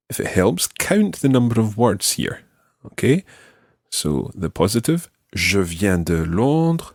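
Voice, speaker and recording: A Scottish man teaching a language lesson, patiently modelling phrases slowly for the learner to repeat. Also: on the low side, sing-song, darkish tone, dry recording, clean studio sound. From Scotland. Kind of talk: slow, clear language lesson.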